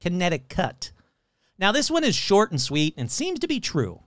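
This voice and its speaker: A man's voice: high voice, wildly swooping pitch, moderate pace, a bit bright, no room sound, studio quality. Sarcastic, swearing male podcast host. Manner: profane, sarcastic, rambling, mocks locals in silly voices. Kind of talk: casual comedic podcast monologue.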